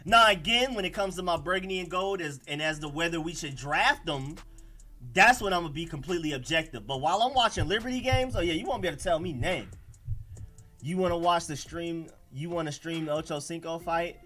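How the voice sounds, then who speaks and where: A man with an Atlanta accent hosting a casual sports livestream, talking in an animated, slangy way and reacting to the live chat. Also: on the high side, fairly quick. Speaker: livestream host.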